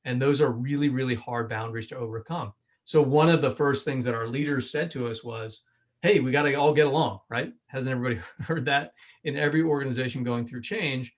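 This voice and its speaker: A man's voice: mid-range voice, fairly even intonation, brisk. Conversational man giving a keynote. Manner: conversational, frequent 'right?' tags and restarts. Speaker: keynote speaker. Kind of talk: keynote talk on a video call. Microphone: video call.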